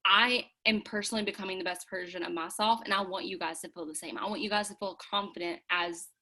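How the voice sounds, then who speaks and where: Young woman, bright voice, chatty, filler-heavy, encouraging team leader. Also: medium pitch, fairly even intonation, quick pace. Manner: casual, chatty, lots of "like"; encouraging, earnest. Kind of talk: motivational team call. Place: home.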